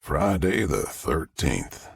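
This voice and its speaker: Brief: man as a jittery deputy, husky voice, uneasy, dry close sound. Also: extremely low pitch, sing-song, takes it slowly, dry recording, voice pushed down, heavily acted.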